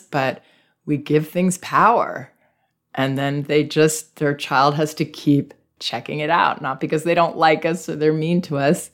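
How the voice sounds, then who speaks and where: A middle-aged woman hosting a parenting advice show, answering a listener's letter in a calm, gentle, reflective way. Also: deep voice.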